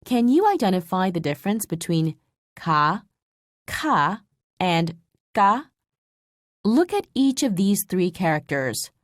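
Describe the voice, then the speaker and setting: Woman narrating a clear scripted lesson. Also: fairly low pitch, sing-song, no echo, studio quality. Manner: clear, measured explanation. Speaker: language instructor.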